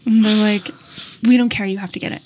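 She talks fast at a medium pitch, with a little hiss or hum in the recording. In casual storytelling chat she recounts a long anecdote with energy, acting out the quotes and using lots of fillers.

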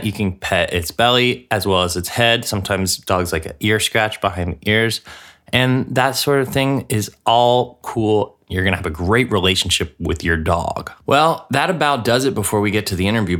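Deep-voiced rambling deadpan male host. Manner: rambling, deadpan, filler-heavy. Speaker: radio show host. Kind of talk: comedic mock radio show.

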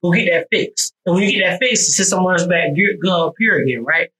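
Bright-voiced Southern man telling stories. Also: high voice, a little fast, slight background noise, low-quality recording. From US South, Georgia. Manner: animated storytelling with repeated restarts; profane, conversational. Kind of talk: casual podcast conversation.

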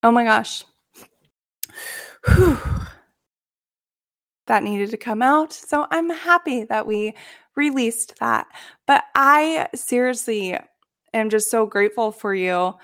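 A young woman who works as a coach, talking in a gentle, earnest and reflective vlog monologue, emotional at times. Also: on the high side, expressive, measured pace, no room sound, clean studio sound.

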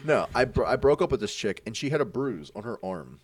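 A man's voice: medium pitch, fairly quick, no room sound, recorded from a distance. A young man in a podcast chat, telling a story with lots of swearing and acted-out quotes. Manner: animated, acts out quoted voices, swears a lot.

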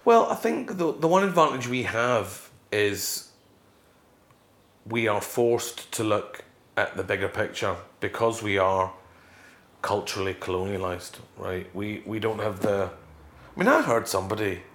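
A middle-aged Scottish man, a guest in a casual interview, telling stories with lively jumps in pitch. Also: a little slow, reverberant. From Scotland. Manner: animated storyteller, leaps up in pitch for emphasis.

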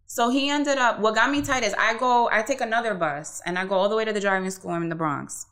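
Gravelly bright-voiced New woman. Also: fairly high pitch, quick pace. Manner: animated, swearing, lots of "like". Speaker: podcast co-host. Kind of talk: casual storytelling chat.

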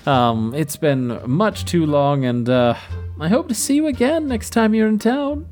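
A man's voice: on the high side, animated, measured pace, a little mellow, soft background music, pitched above the performer's own voice. A man voicing a flirtatious, ingratiating forger who fawns over his customer. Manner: smooth, ingratiating, calls people darling. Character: oily, flirtatious male forger dealer.

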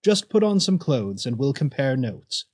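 A composed, self-assured lady speaks in a reassuring, measured way, with a lively rise and fall in her pitch. Her delivery is husky and unhurried, as a male storyteller puts her on. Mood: calm, reassuring. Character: calm, composed woman of means.

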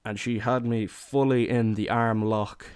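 A man's voice: medium pitch, flat delivery, a little slow, darkish tone, clear, resonant tone, no echo, clean studio sound. A young man telling a comic holiday anecdote in a loose, casual way, swearing freely and acting out the lines of people in his story. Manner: swears a lot, acts out quotes in raised voices.

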